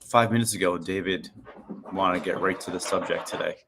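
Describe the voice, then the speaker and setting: Low-voiced man in his forties, rambling. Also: a little fast, vocal fry, a bit bright, a little hiss or hum. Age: 40s. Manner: rambling, restarts often. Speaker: podcast co-host. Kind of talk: casual chat on a video call. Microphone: video call.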